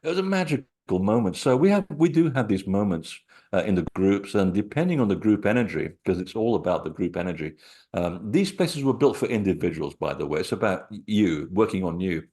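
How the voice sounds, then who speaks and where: A man, an author being interviewed, telling lively personal anecdotes full of asides and quoted thoughts. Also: lowish voice, fairly quick. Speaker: author and researcher of sacred sites. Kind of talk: conversational interview storytelling.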